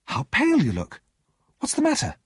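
A man's voice: sits high, wildly swooping pitch, moderate pace, slightly rough, no echo, clean studio sound, pitched above the performer's own voice, full character voice. A man voicing an eager young friend. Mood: cheerful. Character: cheerful young male friend, warm and earnest.

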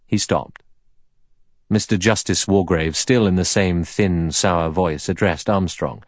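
A man's voice: deep voice, measured pace, no echo, studio quality. A man narrating an audiobook steadily and evenly.

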